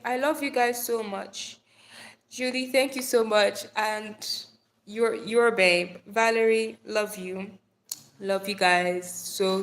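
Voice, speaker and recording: A woman's voice: a little high, a little hiss or hum. Bubbly young woman chatting on a phone livestream. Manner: bubbly, playful, swears casually, calls viewers darling. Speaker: live stream host. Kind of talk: chatty live stream talk to viewers. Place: Nigeria.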